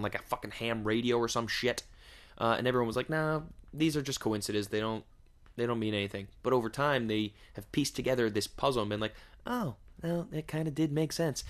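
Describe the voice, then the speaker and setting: A man hosting a podcast, rambling through a crude, joking monologue full of swearing and rhetorical questions. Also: medium pitch. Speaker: podcast host. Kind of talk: casual comedic podcast monologue.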